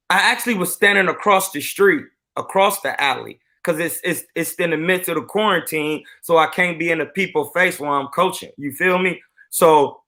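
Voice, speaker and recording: A boxing coach telling a story on a live stream in an animated, boastful way. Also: male voice, on the high side.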